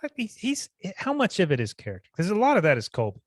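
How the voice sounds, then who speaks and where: Laid-back podcast co-host, a man with a higher, bouncy voice, recorded dry and close. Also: huge pitch swings, quick pace, no room sound. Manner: laid-back banter, swearing, joking. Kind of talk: casual chat.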